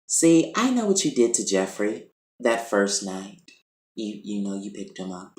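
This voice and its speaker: A man acting out a scheming woman making quiet, menacing threats. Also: sing-song, measured pace. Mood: threatening. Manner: hushed, menacing, drops to a low murmur. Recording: roomy echo.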